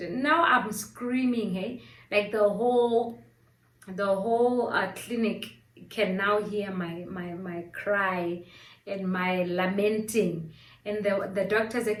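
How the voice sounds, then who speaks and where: Animated woman telling a story, echoey. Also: mid-range voice, a little slow, recorded from a distance. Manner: animated, acts out her own crying and gasps. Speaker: storyteller vlogger. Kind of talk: casual storytime vlog. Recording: echoey room, set back from the mic.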